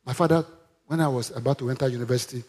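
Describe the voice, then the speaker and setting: A man's voice: mid-range voice, very fast, a little mellow. A man preaching a sermon, emphatic and calling on the congregation to repeat after him. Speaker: pastor.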